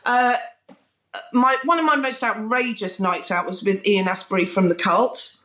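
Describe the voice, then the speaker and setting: A British woman, a former music TV presenter, telling lively anecdotes with frequent laughter in a casual interview. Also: mid-range voice, normal speed, echoey room. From Britain. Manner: bubbly, laughing, animated anecdotes with mimicked quotes.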